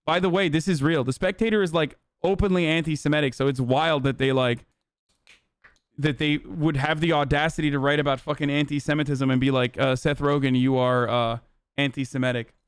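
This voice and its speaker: A young man of Turkish origin, hosting a live stream with profane, animated ranting commentary. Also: a little high, brisk, clear, resonant tone, dry recording, clean studio sound. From Turkey.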